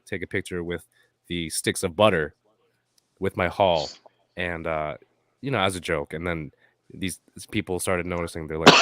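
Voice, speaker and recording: A man from Canada telling a relaxed, self-amused story on a live-stream video call, with plenty of fillers. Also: deep voice, dry recording. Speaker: guest toy reviewer.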